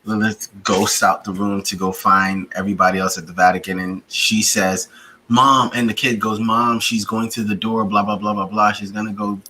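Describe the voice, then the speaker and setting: A lower-pitched man with a bright, forceful edge, chatting casually as he recaps a TV show. He acts out the characters' lines and jumps into sudden high-pitched bursts, and a faint hiss of noise sits under his voice. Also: little pitch movement, fairly quick, hardly any pauses, poor audio. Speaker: podcast co-host reviewing a TV series. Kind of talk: casual chat, animated retelling.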